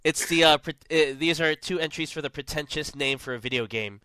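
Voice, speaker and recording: A man's voice: fairly high pitch, fairly quick, pushed and bright, clear, resonant tone, no room sound. A man hosting a casual podcast, rambling and joking with plenty of fillers. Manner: rambling, jokey, lots of fillers. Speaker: podcast host.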